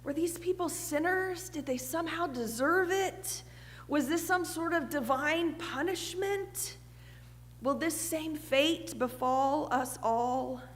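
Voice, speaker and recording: A woman pastor delivers a sermon in a high, clear voice. Her words ring out with a long reverb through the church sanctuary. She is earnest, poses rhetorical questions and sometimes softens to a near hush. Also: slow pace. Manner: earnest, with rhetorical questions and soft, hushed passages.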